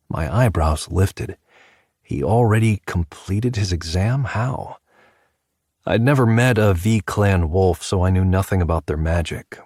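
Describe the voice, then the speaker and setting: A man reads a first-person audiobook in a measured, even manner. His voice sits very low, and the studio recording is dry and close. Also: breathy edge, no echo. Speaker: audiobook narrator. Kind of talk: scripted first-person narration.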